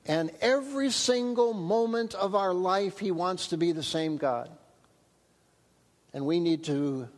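A high-pitched male pastor delivers an earnest sermon. He stresses important phrases by slowing down. His voice rings with long reverb in a church hall. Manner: earnest, emphatic preaching with slowed key phrases.

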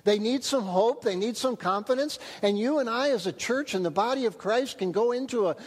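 A high-pitched male pastor delivers an earnest sermon. He stresses important phrases by slowing down. His voice rings with long reverb in a church hall. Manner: earnest, emphatic preaching with slowed key phrases.

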